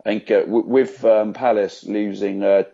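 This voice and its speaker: A man's voice: fairly low pitch, flat delivery, moderate pace, vocal fry, mellow, lo-fi sound. A man on a podcast panel giving a hesitant prediction, full of fillers. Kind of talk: casual chat.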